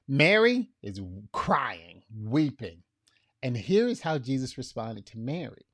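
A man preaching a sermon in a conversational way, acting out scripture dialogue, dropping soft for tender lines and rising for emphasis. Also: very animated, unhurried, dry recording, studio quality. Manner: drops soft and low for tender lines, rises loud for emphasis. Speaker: pastor.

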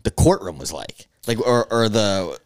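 A man co-hosting a podcast in casual chat, quick to chime in with short agreements and swearing. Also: on the low side, animated, background noise. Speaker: podcast co-host.

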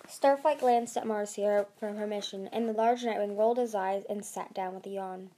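A woman's voice: mid-range voice, fairly even intonation, normal speed, hardly any pauses, mellow. A woman reading a fantasy novel aloud as an amateur narrator, with frequent slips and restarts. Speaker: audiobook reader.

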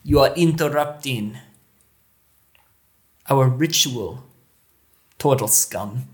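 A man voicing a large gray male tribal leader who speaks in a formal, slow, threatening way. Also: medium pitch, darkish tone, natural voice. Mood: menacing. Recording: echoey room.

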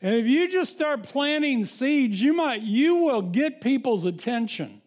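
A man's voice: very high-pitched, expressive, a little slow, darkish tone. A man preaching a sermon as pastor, talking conversationally with frequent restarts and reading scripture aloud.

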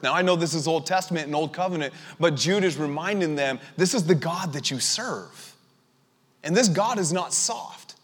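High-voiced preacher, casual then forceful. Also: male voice, brisk, in a large hall. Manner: conversational, rising to forceful emphatic preaching. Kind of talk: sermon.

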